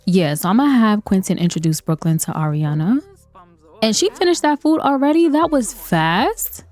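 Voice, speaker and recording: A woman's voice: mid-range voice, lively intonation, normal speed, a little mellow, soft background music. A woman giving playful, chatty commentary over a life-sim game, laughing often. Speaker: let's play host. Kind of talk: gameplay commentary.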